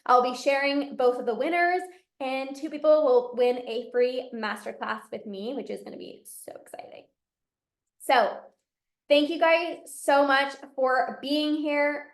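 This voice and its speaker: Woman, eating coach, motivational live talk, high pitched, emphatic, repetitive, echoey room. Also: steady tone, unhurried. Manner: emphatic, repeats key phrases, coaching directly.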